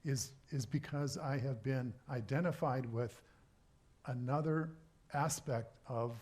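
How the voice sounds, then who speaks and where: At a church service, a male minister of medium pitch delivers a sermon in a relaxed, conversational way. He speaks haltingly, pausing often and restarting his sentences many times.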